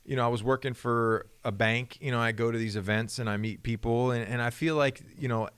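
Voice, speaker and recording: A man who once played football, co-hosting a casual sports chat and talking in an animated way. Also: medium pitch, a little fast, smooth. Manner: animated, acts out voices of others. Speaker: co-host, former football player.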